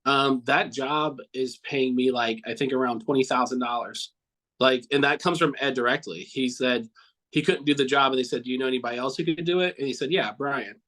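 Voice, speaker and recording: A man's voice: mid-range voice, a little fast, fairly bright tone, poor audio. A man recounting memories of a friend in a casual, heartfelt interview, rambling and swearing now and then. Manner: earnest, repeats himself often. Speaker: cartoonist guest.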